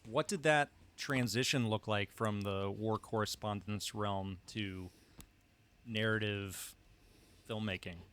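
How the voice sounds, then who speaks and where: A man hosting a podcast, asking measured, probing interview questions. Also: on the low side, steady tone, a bit bright. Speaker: podcast host.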